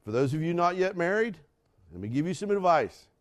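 Older male pastor, high-pitched and lively, slow deliberate sermon delivery with emphatic repetition. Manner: dramatic shifts from shouting to hushed whispers, with laughs; preaching slowly with emphatic repetition.

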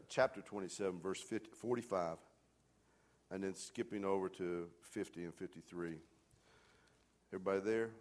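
A deep-voiced pastor delivers an emphatic sermon to his congregation, moving between booming calls and quiet near-whispers while questioning the listeners directly.

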